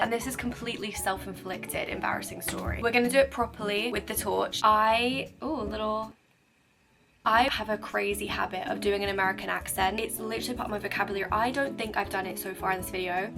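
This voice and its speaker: A woman's voice: medium pitch, creaky. A young woman chatting casually to camera as a vlogger, self-mocking, clipping her swear words short. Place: her bedroom, indoors. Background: music playing elsewhere in the house.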